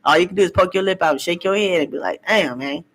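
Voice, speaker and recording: A woman's voice: on the low side, steady tone, racing, poor audio. A woman chatting casually on a tarot livestream from home, acting out voices and laughing often. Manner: loud, laughing, acts out voices with slang. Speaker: tarot reader and vlogger. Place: at home, cooking.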